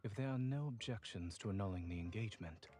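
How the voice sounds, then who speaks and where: A man's voice: on the low side, dark tone, dry recording, close to an everyday voice. A man voicing an aloof British nobleman. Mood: formal. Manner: formal, measured and aloof. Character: stiff formal wealthy young nobleman.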